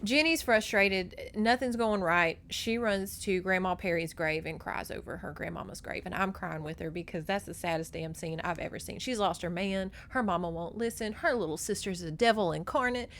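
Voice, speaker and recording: A woman's voice: fairly low pitch, normal speed, few pauses, slight background noise. A woman podcast host recapping a novel in a casual, gossipy way, swearing freely and slipping into the characters' voices. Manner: animated, profane, gossipy storytelling. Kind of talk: casual book recap with acted-out dialogue.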